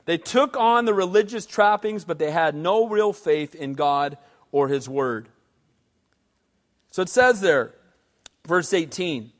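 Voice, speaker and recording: A man preaching a sermon as pastor, animated and asking the congregation questions. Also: a little high, slow, pauses often, big-room sound. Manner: animated, asks the crowd questions.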